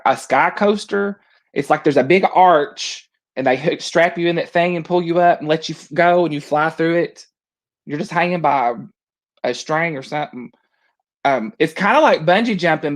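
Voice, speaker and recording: A man telling a funny story in casual chat, animated and laughing often. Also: on the high side, normal speed.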